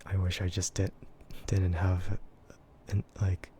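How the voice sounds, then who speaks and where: An American man chatting in a soft, gentle ASMR voice, relaxed and hesitant with frequent giggles. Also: deep voice, slow pace, slight background noise. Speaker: VTuber streamer. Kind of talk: soft-spoken ASMR chat.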